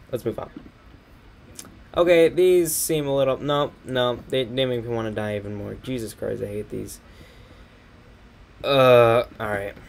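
A man's voice: medium pitch, vocal fry, darkish tone. A young man rambling through a train catalog on a stream, sarcastic and swearing a lot, laughing often. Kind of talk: casual commentary over a catalog.

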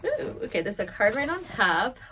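A woman's voice: a little high, big pitch swings, moderate pace, pushed and bright, a little hiss or hum. A young woman vlogging at home, unboxing a package on camera in a gushing, emotional way. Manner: gushing, emotional, tearful with laughter. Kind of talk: casual unboxing vlog.

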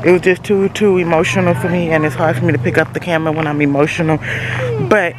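A woman vlogger from Louisiana, USA, with a Southern accent chats casually and emotionally to her viewers outdoors at a rural family property, filming on a handheld phone camera. Her lowish voice is fast and flatly delivered, with background noise, and she keeps calling viewers "y'all".

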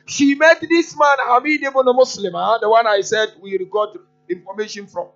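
A man's voice: very high-pitched, steady tone, moderate pace, hardly any pauses, a bit bright. A man preaching an impassioned, mournful sermon in a mosque, often prompting his listeners with a questioning "huh?". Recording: dull lo-fi with faint music.

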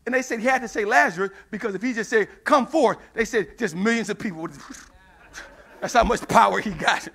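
A man preaching a sermon in church, acting out Bible dialogue in call-and-response style and building into shouts. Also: sits high, brisk, gravelly, slightly rough. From United States.

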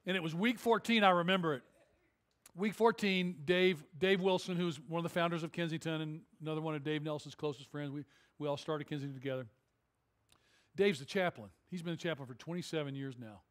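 A male pastor preaching a sermon in a church, telling a story in an animated, conversational way with jokes. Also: a little high, quick pace. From Detroit area. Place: church auditorium.

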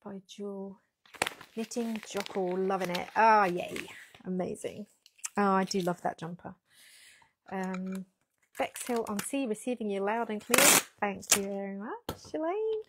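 A woman's voice: medium pitch, animated, a little slow. Woman rambling on a livestream, chatty, faint hiss behind, lapel mic. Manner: chatty, rambling, reads out viewer comments. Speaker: yarn shop owner hosting a packing livestream. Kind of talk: casual livestream chat. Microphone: pinned lapel mic.

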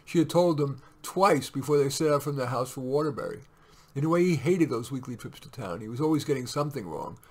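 Male reader, mid pitch, steady measured story narration. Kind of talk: reading a short story aloud.

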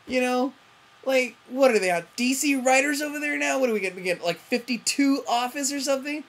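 A woman's voice: high-pitched, lively intonation, brisk. A woman ranting in a TV review vlog, profane and rambling, often breaking off mid-sentence. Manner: frequent self-interruptions and fillers. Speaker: TV review vlogger.

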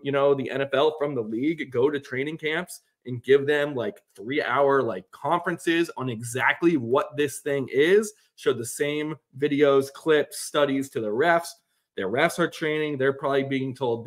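A man co-hosting a podcast, chatting casually about sports in a rambling way with lots of fillers. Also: mid-range voice. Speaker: podcast co-host.

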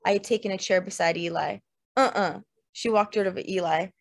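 A woman narrating a literary novel in the first person, measured and lyrical. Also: mid-range voice, fairly even intonation, gravelly. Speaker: audiobook narrator. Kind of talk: literary fiction reading.

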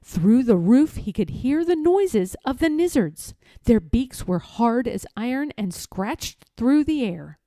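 Woman, picture-book read-aloud, slow, lively intonation, mellow voice, dry close sound. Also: fairly high pitch, no echo. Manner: slow, expressive storytelling. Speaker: children's book reader.

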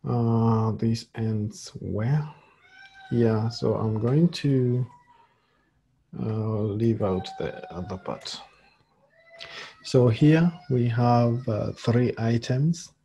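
A man teaching a screen-share coding tutorial as a lecturer, talking slowly and haltingly with many fillers. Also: mid-range voice, sing-song, vocal fry, dark tone.

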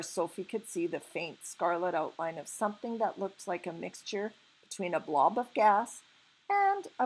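A woman's voice: mid-range voice, slightly rough, low-quality recording. A woman teacher reading a children's book aloud to her class and speaking to her students directly. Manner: expressive, gives homework. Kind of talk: read-aloud storytelling.

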